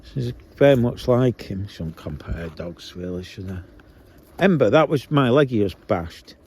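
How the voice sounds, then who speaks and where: Low-voiced man chatting on a dog walk. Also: animated, unhurried, a little mellow, slightly rough. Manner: chatty, muttering asides, coaxing the dogs. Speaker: vlogger. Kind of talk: casual chat while walking dogs. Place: outdoors on a field walk. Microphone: handheld phone. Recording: outdoor phone audio with background noise.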